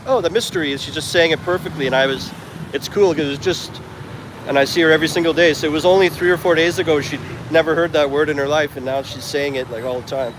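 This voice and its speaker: A man's voice: on the high side, steady tone, fast. A man walking through an outdoor street market and chatting to his phone camera in a rambling, casual vlog. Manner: rambling, chatty, self-correcting asides. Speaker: travel vlogger. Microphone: handheld phone. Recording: street noise behind the voice. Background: traffic and street noise.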